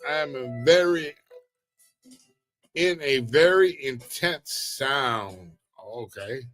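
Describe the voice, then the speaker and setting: A relaxed man runs a casual livestream, answering chat in a laid-back drawl packed with street slang. His voice sits at an ordinary middle pitch and stays easygoing throughout. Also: drawn-out words, soft background music. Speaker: livestream host reading chat.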